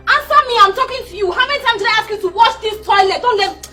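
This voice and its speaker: Very high, shrill Nigerian scold, heard from a distance. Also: female voice, fast talker, fairly bright tone, faint music behind. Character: harsh scolding woman disciplining a young girl. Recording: distant from the mic.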